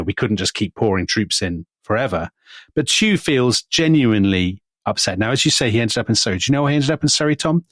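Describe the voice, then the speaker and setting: Man telling history, dry close sound. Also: no room sound. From Britain. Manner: animated, quotes figures in lowered voice. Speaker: podcast co-host. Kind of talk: conversational history storytelling.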